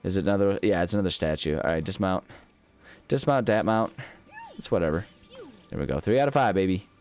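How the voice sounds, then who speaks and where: A man's voice: low-pitched, a little fast, darkish tone, faint music behind. A man hosting a gaming channel, talking casually over gameplay in a rambling, self-mocking way and humming nonsense syllables now and then.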